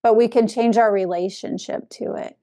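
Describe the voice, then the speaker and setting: A woman giving a dharma talk as a Zen teacher, speaking in a reflective way with soft laughs. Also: medium pitch, steady tone, moderate pace.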